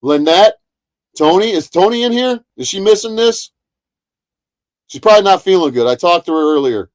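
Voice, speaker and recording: A man's voice: high voice, lively intonation, normal speed. A man ranting heatedly on a livestream, profane and repetitive. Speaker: streamer. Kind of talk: angry livestream rant.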